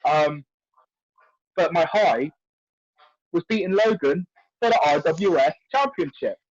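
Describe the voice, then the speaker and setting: Male wrestler, animated anecdote teller, dry close lo-fi recording. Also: a little high, unhurried, dry recording. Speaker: wrestler guest. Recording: dry, dull lo-fi audio.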